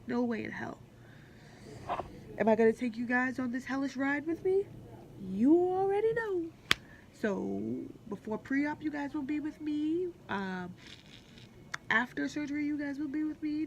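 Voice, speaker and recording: Young woman, gravelly voice, hospital room. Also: high voice, animated, normal speed, a little mellow. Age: 20s. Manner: candid, blunt, swears freely. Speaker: vlogger. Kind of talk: personal hospital vlog. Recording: faint hospital background noise.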